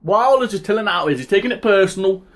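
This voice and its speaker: A man's voice: lively intonation, very fast. Fired-up man ranting about boxing. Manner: heated, swearing, rising to high-pitched outbursts. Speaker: boxing commentary vlogger. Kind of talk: casual opinion rant.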